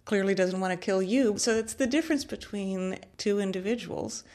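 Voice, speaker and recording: A woman's voice: mid-range voice, normal speed, a little mellow. A woman interviewing a guest on a radio show, asking direct, probing questions.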